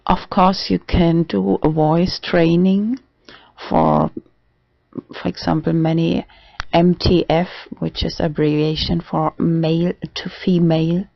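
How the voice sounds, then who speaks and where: Slow, gravelly trans man vlogging. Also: on the high side, flat delivery, no room sound. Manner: halting, full of restarts and fillers. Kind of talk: casual video diary. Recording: dull dry lo-fi recording.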